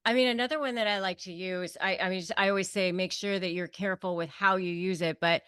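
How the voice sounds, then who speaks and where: A woman's voice: medium pitch, fairly even intonation, quick pace, fairly bright tone, smooth, no room sound, studio quality. A woman guest expert giving blunt, emphatic advice in conversation, in a coaching tone.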